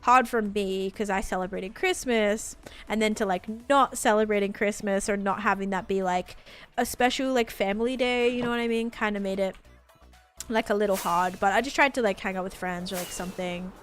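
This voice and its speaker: A young woman from Australia with a softened Australian accent, chatting casually with her live stream viewers, rambling and full of "like" fillers. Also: medium pitch, a little fast, clear, resonant tone, faint music behind. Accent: Australian, softened toward American.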